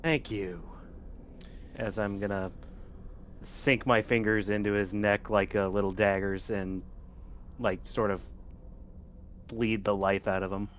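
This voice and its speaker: A man plays a tabletop horror game in an easy, somewhat hesitant way. His voice sits fairly low, and a faint noise runs under the recording. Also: steady tone, unhurried, long pauses. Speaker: player. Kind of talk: casual tabletop role-play.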